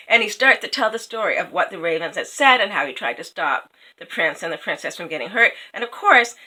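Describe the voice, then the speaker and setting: Woman, casual storyteller, chatty with asides, bright voice. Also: lowish voice, expressive, brisk, hardly any pauses, rough recording. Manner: chatty, lots of fillers and asides. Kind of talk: casual fairy tale retelling.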